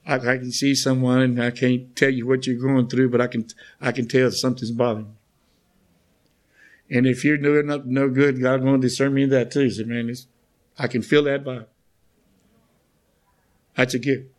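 A man sharing haltingly at a recovery meeting, with frequent restarts and casual asides. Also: mid-range voice, flat delivery. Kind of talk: halting personal share. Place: meeting room with an audience.

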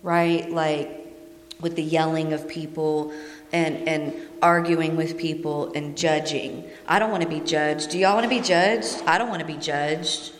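A woman's voice: low-pitched, steady tone, measured pace, slight background noise. A woman giving a personal testimony to a group in a meeting room. She speaks in a conversational, earnest way and often asks the room questions. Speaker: speaker sharing at a recovery meeting. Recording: echoey hall reverb.

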